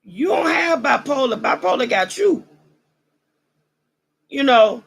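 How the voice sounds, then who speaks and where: A woman vlog host delivers a casual commentary monologue at an unhurried pace, preachy and roasting in slangy language. Her voice is deeply gravelly and husky, expressive, and swings widely in pitch, with a dry throat that sounds like she's losing her voice. The audio quality is poor.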